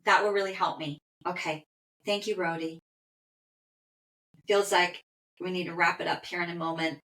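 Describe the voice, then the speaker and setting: A woman animal communicator leading a session, speaking gently and heartfelt, with soft affirmations. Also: on the low side, steady tone, normal speed. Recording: roomy echo.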